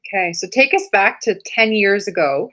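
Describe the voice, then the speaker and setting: A woman hosting a podcast, asking her guest questions in a measured, polite way. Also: mid-range voice, lively intonation, a bit bright. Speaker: podcast host. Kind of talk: interview questions.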